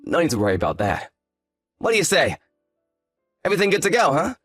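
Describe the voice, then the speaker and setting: A man's voice: a little high, huge pitch swings, fairly quick, fairly bright tone, no room sound, clean studio sound, faint music behind, full character voice. A man voicing an arrogant, hungover young fiancé who talks in a lazy, condescending, sarcastic way. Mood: smug. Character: arrogant hungover male fiancé, dismissive and smug. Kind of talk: scripted story drama.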